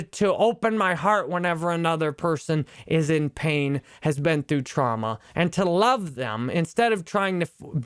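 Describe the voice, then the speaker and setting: Earnest man, fairly high voice. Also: clean tone, no echo, clean studio sound. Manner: earnest, personal, emotionally open. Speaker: online instructor. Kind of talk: reflective book review talk.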